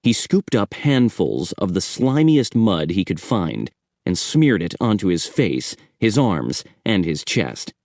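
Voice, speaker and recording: Male narrator, low-ish voice, slow lively storytelling, dry studio. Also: dry recording. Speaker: audiobook narrator. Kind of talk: scripted horror audiobook narration.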